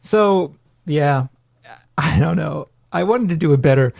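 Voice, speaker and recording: A man's voice: fairly high pitch, expressive, a little slow, gravelly, a little mellow, no echo, studio quality. A man co-hosting a podcast in casual chat, joking and rambling with self-deprecating asides. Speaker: podcast co-host.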